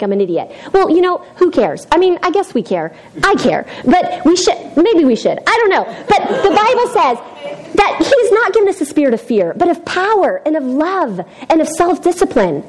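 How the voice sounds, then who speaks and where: A woman's voice: sits high, sing-song, brisk, low-quality recording. A woman giving an informal youth group devotional in a chatty, self-deprecating way, often laughing.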